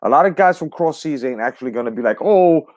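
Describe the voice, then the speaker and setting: Guy on a live stream going off, swearing a lot, shouting out chat, dry close mic. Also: mid-range voice, expressive, fast talker, no echo. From United States. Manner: profane, emphatic, greets chat viewers. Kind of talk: heated live stream commentary.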